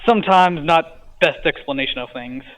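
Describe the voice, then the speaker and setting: A man's voice: fairly high pitch, moderate pace, a bit bright. A man, a podcast guest, casually retelling a dream, hesitant with many fillers and a stutter he mentions himself. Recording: tinny phone-like line.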